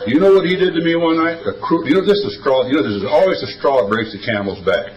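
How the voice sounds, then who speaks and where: This older man speaks a little high and talks fast and animatedly, sharing folksy, wisecracking stories in a drawl at a recovery meeting. The room is echoey, he's far from the mic, and the sound is lo-fi.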